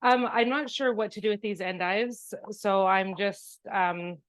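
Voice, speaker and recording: A woman's voice: medium pitch, measured pace, no room sound. A woman co-hosting a casual chat at home, agreeable and chatty while she cooks. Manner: agreeable, chatty, giggly asides. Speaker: co-host. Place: home kitchen.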